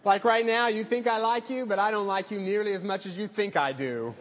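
A genial Southern lunch host with a thick drawl, as a pastor puts him on, friendly but bluntly teasing. He talks slowly and warmly. He sounds a bit pitched up and is heard in an echoey, dull-toned sanctuary. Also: close to an everyday voice.

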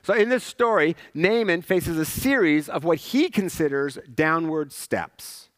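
A male pastor delivers a sermon in a casual, conversational manner and keeps checking in with the listeners. His voice is a little higher than most men's. The sound is dry and close, with no room echo. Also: expressive, measured pace, fairly bright tone. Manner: conversational, asks "right?" often, acts out characters.

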